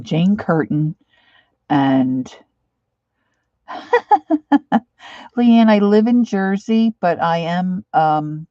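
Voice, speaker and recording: A woman's voice: sits low, dry recording. Woman, middle-aged, Pennsylvania accent, chatty rambling painter, dry dull home stream audio. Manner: chatty and rambling, warmly nostalgic asides. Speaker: art livestream host. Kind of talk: casual chat while painting.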